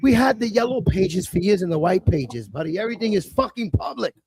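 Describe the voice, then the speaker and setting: A middle-aged man, talking bluntly and profanely in a casual chat, telling animated stories. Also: high-pitched, a little fast, breathy edge, no room sound. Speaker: livestream host.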